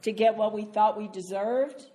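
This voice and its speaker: A woman's voice: medium pitch, moderate pace, mellow. A woman, giving a conversational sermon as a Bible teacher, earnest and acting out her own inner voice.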